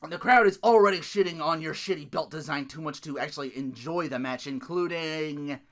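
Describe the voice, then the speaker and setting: A man hosting a solo recap podcast, talking in an animated, ranting way, laughing often and swearing freely. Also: fairly high pitch, a little fast. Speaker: podcast host.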